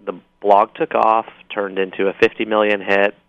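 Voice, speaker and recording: A man, an author calling in to a talk show, explaining his ideas with upbeat enthusiasm and quick jokes. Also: lowish voice, little pitch movement, gravelly, smooth, dry recording. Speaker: author guest. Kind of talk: call-in interview. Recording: dull dry phone-in line.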